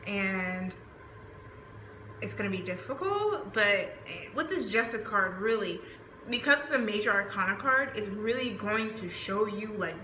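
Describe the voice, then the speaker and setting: Giving a talkative, meandering tarot reading full of filler words, this Southern-accented woman has a sharp, medium-pitched voice. There's a roomy echo and faint noise behind her.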